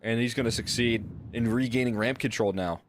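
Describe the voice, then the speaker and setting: Man, colour commentary, explanatory, medium pitch, faint background noise. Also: fairly quick. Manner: relaxed, explanatory analysis. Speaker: esports analyst commentator.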